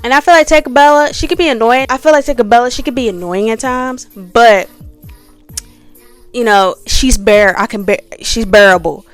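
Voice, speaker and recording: Chatty woman with smooth voice, faint music. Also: a little high, normal speed. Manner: chatty, repetitive fillers, mocking whiny imitations. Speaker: reality show commentator. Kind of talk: casual rating commentary.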